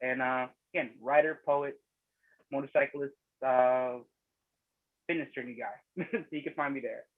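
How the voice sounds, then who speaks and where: A man's voice: mid-range voice, fairly even intonation, unhurried, long pauses. A man chatting casually and laughing a lot on a video call, rambling with many fillers. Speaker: poet at open mic. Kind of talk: casual chat. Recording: tinny phone-like call audio.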